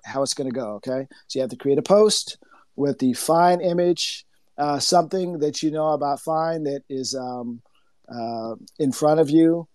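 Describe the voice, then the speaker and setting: Male host, slightly high voice, halting delivery with fillers, dry sound. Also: mellow, dry recording. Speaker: host of an online audio space. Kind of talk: casual announcement.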